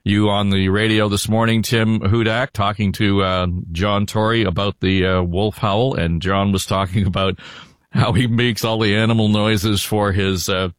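A man's voice: on the low side, steady tone, moderate pace, no room sound, clean studio sound. An older man hosting a politics podcast in a rambling, casual way with lots of fillers. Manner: rambling, with many fillers and restarts. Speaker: podcast host. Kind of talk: casual panel chat.

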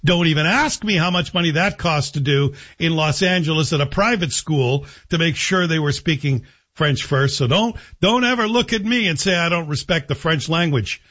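A man's voice: on the high side, moderate pace, hardly any pauses, a bit bright. A man hosting a talk radio show, giving opinionated commentary with sarcastic, joking asides. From Canada. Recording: dull lo-fi broadcast audio.

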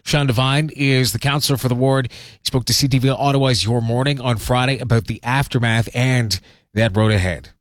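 A man hosting radio news, reading in a steady, measured way. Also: medium pitch, no room sound. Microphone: studio mic.

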